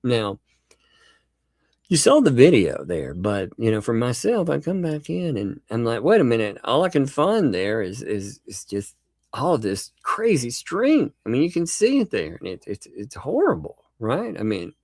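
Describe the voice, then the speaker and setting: A man's voice: mid-range voice, huge pitch swings, unhurried, darkish tone, no room sound, clean studio sound. A man hosting a casual livestream, joking in a mock-dramatic way, laughing often and thanking viewers for their chat messages. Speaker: livestream host.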